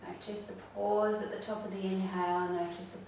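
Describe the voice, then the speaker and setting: A woman leads a chair yoga class, calmly cueing each breath and stretch in a gentle, unhurried voice. She sounds distant from the mic, her words ringing in a very reverberant room. Her pitch sits in an ordinary middle range. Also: creaky, slight background noise. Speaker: yoga instructor. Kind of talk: guided chair yoga instruction. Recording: very echoey room, mic far off.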